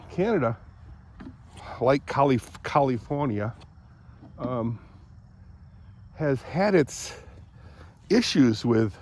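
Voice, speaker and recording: An older man vlogging outdoors by the woods on a phone camera, rambling as he thinks aloud, often clearing his throat and a bit out of breath. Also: mid-range voice, a little mellow. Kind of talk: casual morning vlog, thinking aloud outdoors.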